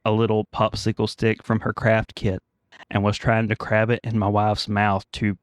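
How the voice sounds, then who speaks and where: A man's voice: on the low side, completely flat delivery, moderate pace, dry recording, studio quality. A man co-hosting a podcast, fighting a cold, telling rambling family stories and laughing at his own jokes. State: congested with a cold. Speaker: podcast co-host. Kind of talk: casual chat.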